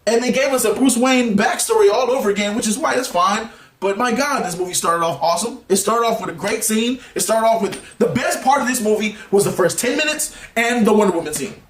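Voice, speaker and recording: A man giving a heated, exasperated movie review rant, laughing often and bursting into shouts. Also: high-pitched, brisk, reverberant, a little hiss or hum. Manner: animated, exasperated ranting with frequent laughs and sudden shouts.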